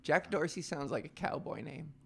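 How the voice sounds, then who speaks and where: A man's voice: a little high, lively intonation, normal speed, gravelly, fairly bright tone, slight background noise. A man hosting a casual podcast, ranting in a profane, self-mocking way. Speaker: podcast host.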